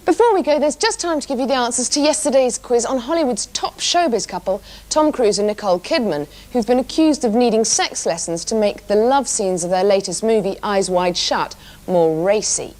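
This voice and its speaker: A woman's voice: on the high side, expressive, a little fast, darkish tone. Woman reading comedy links. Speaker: co-host. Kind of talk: scripted comedy presenting.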